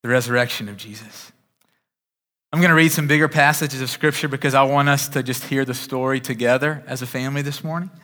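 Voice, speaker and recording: Bright-voiced male pastor in a reverberant hall. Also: medium pitch, steady tone, brisk. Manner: conversational, with frequent repeated starts. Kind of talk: sermon. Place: church sanctuary. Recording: long reverb of a large hall.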